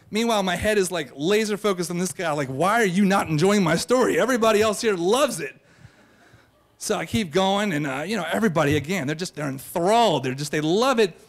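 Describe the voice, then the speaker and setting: Male live storyteller, high-pitched, brash and self-mocking, stage mic. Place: theater stage before a live audience.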